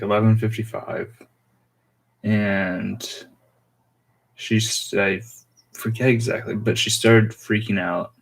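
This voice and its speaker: A young man telling a personal story on his vlog in a rambling, halting way full of fillers. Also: lowish voice, creaky, darkish tone. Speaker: vlogger.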